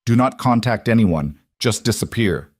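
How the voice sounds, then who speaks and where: A man's voice: on the low side, animated, moderate pace, dry recording, studio quality. A man reading a commanding male mafia boss who gives clipped, urgent orders.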